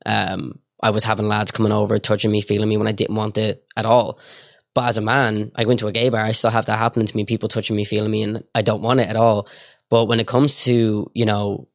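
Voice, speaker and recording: A young Irish man tells stories in a rush, packing his talk with "like" and acted-out lines of dialogue. His voice sits low and has a gravelly edge. The sound is dry and close, with no room behind it. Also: no echo. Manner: rapid, filler-heavy storytelling full of quoted dialogue. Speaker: guest. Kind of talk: casual storytelling.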